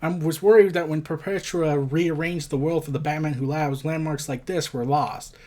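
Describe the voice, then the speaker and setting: A firm, commanding warrior woman from a comic book, read out by a man. The voice is pitched a little high and speaks plainly and steadily. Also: fairly even intonation, moderate pace, warm tone, lightly acted. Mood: solemn.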